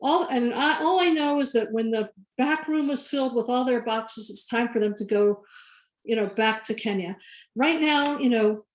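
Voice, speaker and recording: Woman putting on an elderly southern lady, gossipy, rambling, higher voice, echoey room. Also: moderate pace, lightly acted. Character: chatty elderly Southern woman oversharing on phone.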